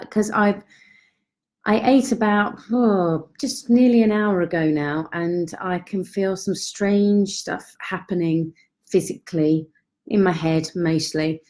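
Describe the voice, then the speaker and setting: A woman's voice: on the low side, a little mellow. A woman hosting a casual live stream from home on her phone, chatty and a little self-deprecating. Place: at home, in York.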